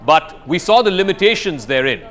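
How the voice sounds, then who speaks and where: A man anchoring a live studio news broadcast, brisk and questioning as he introduces guests. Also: on the high side, very animated, fairly bright tone.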